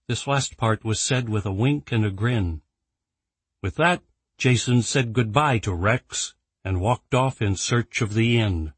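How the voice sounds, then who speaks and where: A man narrating an audiobook in an even, measured storytelling voice. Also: on the low side, no echo. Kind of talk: scripted narration.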